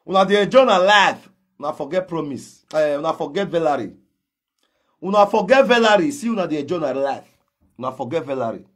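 Husky Nigerian Pidgin man ranting loudly. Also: a little high. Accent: Nigerian Pidgin English. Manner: confrontational, calls out and challenges directly. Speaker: gossip commentator. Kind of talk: ranting social media commentary.

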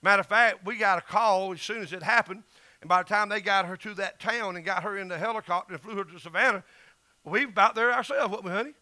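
A man's voice: high voice, quick pace, bright, forceful tone, no echo. A middle-aged man with a Southern US accent, preaching an emphatic, folksy sermon as pastor.

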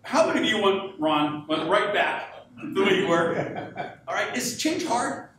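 A man giving a live business keynote to an audience, energetic and peppering the crowd with questions. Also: high-pitched, unhurried. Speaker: professional speaker. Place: event hall with audience. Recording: echoey hall, voice from far off, faint hum.

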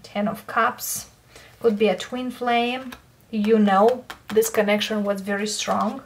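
A woman giving a tarot card reading, who often checks in with her listeners and keeps saying what she feels. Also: fairly high pitch. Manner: unhurried, checks in with "okay?" and repeats "I feel here". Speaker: tarot reader.

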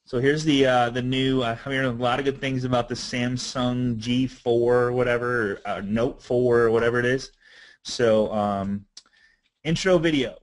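A man presenting a marketing webinar in a casual, energetic, conversational way. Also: mid-range voice, moderate pace, rough recording. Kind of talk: casual instructional webinar talk.

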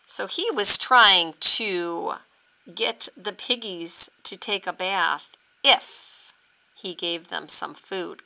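A woman reading a picture book aloud to children, expressive and stopping to ask them questions. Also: fairly low pitch, creaky, rough recording. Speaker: storyteller for children.

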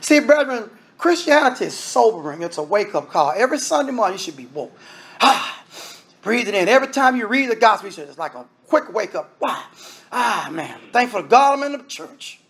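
A man's voice: high-pitched, big pitch swings, brisk, a bit bright, slightly rough. A man preaching a sermon in an emphatic, conversational style, speaking straight to the congregation.

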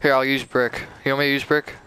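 A young man chatting casually with a teammate while playing, excitable and saying "dude" a lot. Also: mid-range voice, quick pace, smooth. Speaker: gamer. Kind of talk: casual gameplay chat with a teammate.

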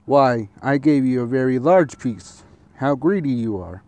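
A man voicing a proud, bossy little male mouse in a slowly read storybook, speaking in a haughty, commanding way. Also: mid-range voice, dark tone, dry recording, natural voice. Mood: boastful.

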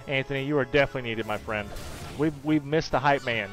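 A man's voice: medium pitch, quick pace, soft background music, poor audio. A man hosting a casual gaming livestream, reading viewer comments aloud and bantering with his regulars by name. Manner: chatty, reads viewer comments aloud and answers them warmly by name. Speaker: livestream host. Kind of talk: casual live-stream chat while gaming.

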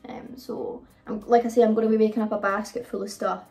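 A woman's voice: mid-range voice, fairly even intonation, quick pace, warm tone. A British woman chatting casually through a haul video, rambling with frequent ums. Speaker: vlogger. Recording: voice a bit far from the mic, faint music.

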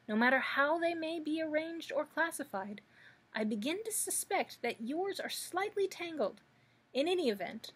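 A woman doing a polite straw scarecrow man from a storybook, slightly high, husky-edged. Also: fairly bright tone, heavily acted. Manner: polite, formal and courteous. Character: kindly male scarecrow made of straw.

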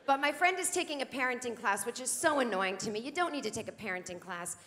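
Brief: sardonic woman stand-up, forties, fairly high voice, live hall reverb. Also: animated, fast, fairly bright tone, a little hiss or hum. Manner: sardonic, acts out quoted voices. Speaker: stand-up comedian. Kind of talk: stand-up comedy routine. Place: large theater stage.

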